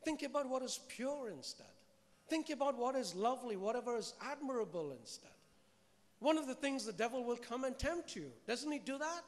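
High-voiced preacher in a reverberant hall. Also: male voice, normal speed. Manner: lively, asks the congregation questions, mixes humour with scripture. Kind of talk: sermon to a live congregation. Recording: long reverb of a large hall.

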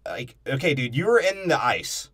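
A man co-hosting a podcast, chatting casually about a movie, animated and profane, laughing often. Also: mid-range voice, moderate pace. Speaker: podcast co-host.

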